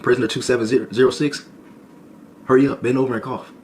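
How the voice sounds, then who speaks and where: A man's voice: medium pitch, flat delivery, fast talker, slight background noise, voice pushed up, lightly acted. A man voicing a stern male jail officer who barks curt, impatient orders at prisoners.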